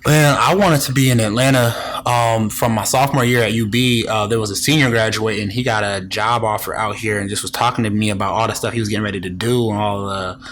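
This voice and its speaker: A man's voice: lowish voice, fairly even intonation, fast, few pauses, a bit bright, slight background noise. A man in his twenties from Rochester, New York, speaking earnestly as a podcast guest in casual chat.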